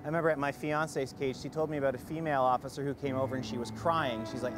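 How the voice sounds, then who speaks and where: A man giving earnest personal testimony as an interviewee, pausing often with fillers. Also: medium pitch, over music.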